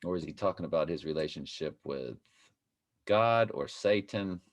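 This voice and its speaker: Deep-voiced rambling man. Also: animated. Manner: rambling, halting, speaks to viewers as y'all. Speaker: commentary video host. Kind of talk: casual commentary over clips.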